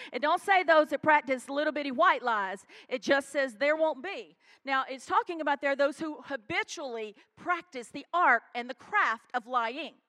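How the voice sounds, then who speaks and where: A woman pastor preaches to her church congregation in a high, bright voice. She is animated, calls out to the room, and swings between loud exhortation and quiet warnings. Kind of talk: sermon. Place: church sanctuary.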